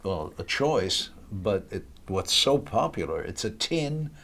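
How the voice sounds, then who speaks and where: An older man, a guest in a casual interview, telling stories in a halting way with many pauses. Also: lowish voice, very animated, gravelly, a bit bright. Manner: hesitant, halting storytelling with many uhs.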